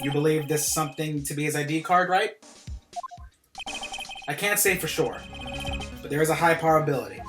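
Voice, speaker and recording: A streamer voicing a smug, measured male prosecutor in a game. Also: mid-range voice, expressive, reverberant, over music, lightly acted.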